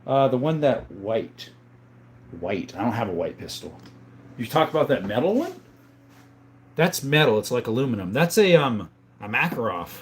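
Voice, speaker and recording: A man from southern Arizona hosting a livestream, reading viewer questions aloud and answering them in a relaxed, chatty way. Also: mid-range voice, moderate pace, pauses often, slight background noise. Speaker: livestream host answering chat. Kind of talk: casual live-chat talk.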